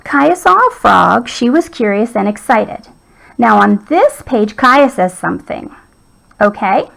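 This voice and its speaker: A woman's voice: fairly high pitch, very animated, a little slow, vocal fry, a bit bright, poor audio. A woman teacher patiently walking young children through a writing lesson.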